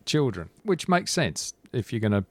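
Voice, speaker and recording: A man's voice: medium pitch, very animated, moderate pace, dry recording. A man co-hosting a podcast in casual chat, often restarting sentences and laughing. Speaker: podcast co-host.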